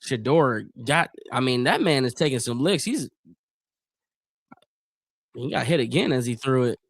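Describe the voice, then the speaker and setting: A man from Northeast Ohio hosting a live stream, giving casual play-by-play, chatting with viewers in loose slang, his voice getting hoarse. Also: mid-range voice, animated, normal speed, no echo, studio quality. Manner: chatty, loose slang, reads chat aloud. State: voice going hoarse.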